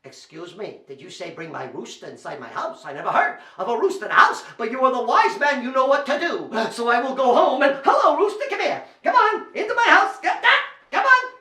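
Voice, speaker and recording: A man's voice: very high voice, very animated, fairly quick, hardly any pauses, bright, forceful tone, far from the mic, voice pushed up, heavily acted. A man voicing a tired adult farmer who pleads and fusses about the noise, in an echoey room. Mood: puzzled. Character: tired adult male farmer, weary and fretful.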